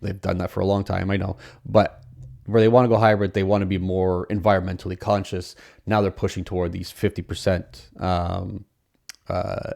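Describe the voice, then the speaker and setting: A man's voice: fairly low pitch, creaky, darkish tone. A man hosting a podcast on his own, talking casually with many fillers and restarts. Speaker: podcast host. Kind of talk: solo podcast commentary.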